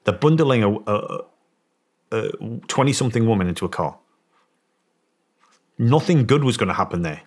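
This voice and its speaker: A man's voice: lowish voice, normal speed, pauses often, husky. A middle-aged British man, a former soldier guest on a podcast, telling a story and acting out the voices of people in it. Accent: British English. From England. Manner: animated storyteller, acts out quoted voices. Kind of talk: storytelling in an interview.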